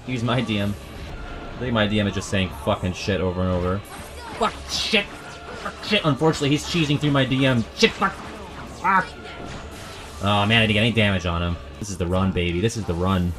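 A man streaming a video game, joking and swearing in excitable live commentary. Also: on the low side, fast talker, music in the background.

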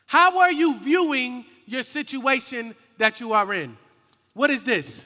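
A young man preaching a slangy, call-and-response youth sermon, rising into shouts. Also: very high-pitched, unhurried. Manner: lively and slangy, calls out to the crowd and rises to shouts. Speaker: youth minister. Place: hall with a youth group. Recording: echoey hall with long reverb.

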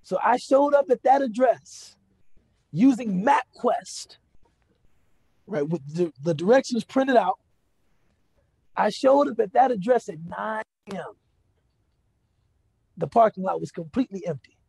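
A man's voice: high voice, animated, moderate pace, vocal fry, long pauses, a little mellow, husky, no echo. A man giving a lecture, telling a personal story in a conversational way, often asking the audience "right?" and "you know". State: moved to emotion. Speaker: Islamic speaker giving a lecture.

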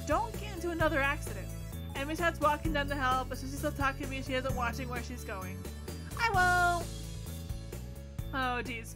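A woman streamer reading a visual novel aloud in a casual, giggly way. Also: high-pitched. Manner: casual, giggly, reacts between lines. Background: game music.

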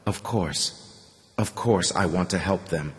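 A man's voice: a little slow, long reverb tail. A man voicing a distraught young man who sobs and shrieks about the unseen dead. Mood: frightened whisper. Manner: shrill, hysterical crying and shouting.

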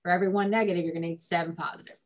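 A woman's voice: lowish voice, fairly even intonation, very fast. A woman family therapist giving advice in a recorded discussion, conversational with frequent ums and likes.

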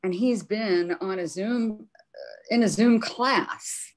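A woman's voice: medium pitch, slow. A woman co-hosting an art class, chatting casually with a dry, self-mocking humor. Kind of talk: casual chat.

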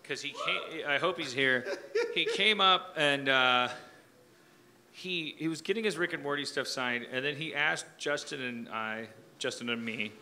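A man with a very bright, slightly high voice rambles through stories while hosting a live comedy podcast. He bounces between asides and restarts and slips into mock-sung lyrics, with an audience laughing along in the venue. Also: measured pace, a little hiss or hum. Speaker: podcast host.

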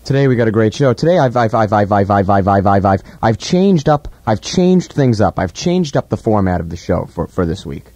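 A young college radio host banters irreverently from the studio in a mock-grandiose, profane style, often stammering and repeating words, using a studio mic with headphone monitoring. His voice is lowish and animated at normal speed, with hardly any pauses, slightly mellow and free of echo.

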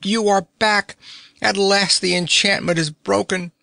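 A man voicing a fussy, emotional old nobleman who talks quickly and excitably. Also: mid-range voice, no echo, clean studio sound. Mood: overjoyed. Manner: excitable and rapid.

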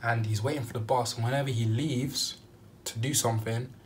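A young man vlogging a travel story, animated and acting out what he said at the time. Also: mid-range voice, fairly quick, a little hiss or hum. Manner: animated storytelling, acting out his own quotes. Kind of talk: storytime vlog.

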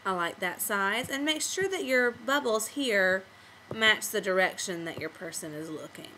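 A woman teacher patiently guides children step by step through making a comic on screen in a screen-recorded software tutorial. Her medium-pitched voice is animated and sharp, a little slow, and the rough recording has slight background noise.

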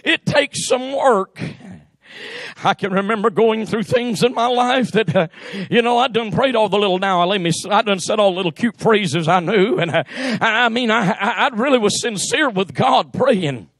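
A man preaching a fervent Pentecostal sermon in a church, shouting his phrases and dropping "uh" between them. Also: sits high, normal speed, no room sound. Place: church sanctuary.

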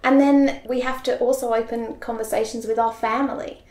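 A woman's voice: on the high side, normal speed. A woman, a mother, speaking as a guest in a casual interview. She talks animatedly and laughs often. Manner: animated, laughs often, acts out quoted voices. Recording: roomy echo.

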